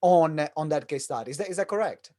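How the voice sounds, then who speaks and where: A man hosting a podcast interview, speaking hesitantly with many pauses and restarts. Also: on the high side, mellow. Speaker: podcast host. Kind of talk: conversational interview.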